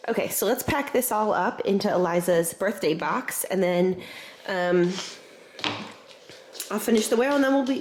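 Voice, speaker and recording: A woman in her thirties chatting casually to the camera at home as a family vlogger, gushing and talkative while she tells her kids what comes next. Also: on the high side. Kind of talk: casual vlog chat.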